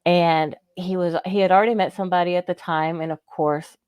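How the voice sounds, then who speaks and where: A woman's voice: fairly low pitch, steady tone, a little fast, darkish tone, smooth, dry recording. A woman on a radio show telling a long personal story in casual chat, laughing often and acting out the voices of people she quotes. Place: living in Florida.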